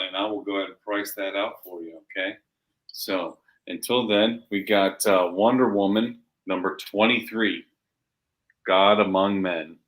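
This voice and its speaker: A man co-hosting a live comic shopping stream, pitching books and games with animated asides. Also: poor audio. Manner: animated, acts out story voices. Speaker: co-host selling comics.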